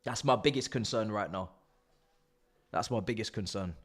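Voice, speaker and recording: A young man hosting a live football watch-along, excitable and swearing, shouting at the players. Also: on the low side, normal speed. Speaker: live stream host.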